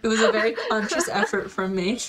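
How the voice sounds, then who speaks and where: A woman streamer in casual chat on a live stream, playful and quick to laugh. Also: medium pitch, expressive, music in the background. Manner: giggly, playful, laughs often.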